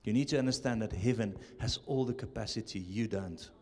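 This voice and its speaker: A male pastor preaching a sermon, swinging between loud urging and hushed, low asides. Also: brisk. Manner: switches between English and Afrikaans, dramatic shifts from shouting to hushed. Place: church hall. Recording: live church hall with long reverb.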